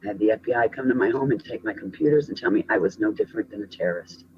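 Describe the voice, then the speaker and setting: A man calmly recounting a past ordeal in a matter-of-fact way. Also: lowish voice, racing, creaky, highs cut off, noisy background. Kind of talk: personal recollection.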